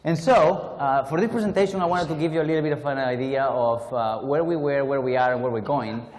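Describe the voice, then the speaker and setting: A man's voice: mid-range voice, brisk, a little mellow, in a large hall. A man from Spain with a Spanish accent, giving a chatty, self-deprecating keynote talk at a conference with many restarts. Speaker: conference speaker. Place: conference hall.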